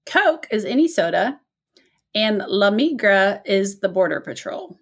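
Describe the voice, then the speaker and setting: A woman's voice: mid-range voice, big pitch swings, measured pace. A woman from the American South co-hosting a podcast, reading listener letters aloud and laughing along in friendly chat. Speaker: podcast co-host. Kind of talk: casual chat.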